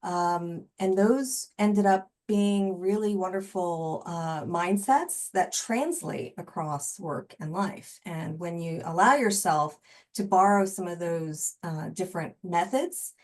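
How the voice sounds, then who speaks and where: A woman's voice: fairly low pitch, slow pace. A woman in her forties, a creativity coach, talking reflectively as a podcast guest with frequent fillers. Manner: reflective, thoughtful, many fillers. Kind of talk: casual interview conversation.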